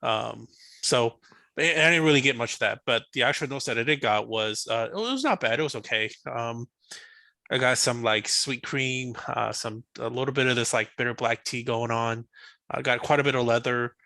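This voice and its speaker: A man's voice: medium pitch, normal speed, gravelly, pushed and bright, no echo. A man on a studio podcast panel, talking casually in a rambling, hesitant way with many "um" fillers.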